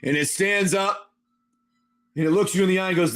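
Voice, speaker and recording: High voiced guy running a tabletop game on stream, super animated, calling out rolls. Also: normal speed, pauses often. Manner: animated and excitable. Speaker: game master. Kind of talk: livestream tabletop game narration.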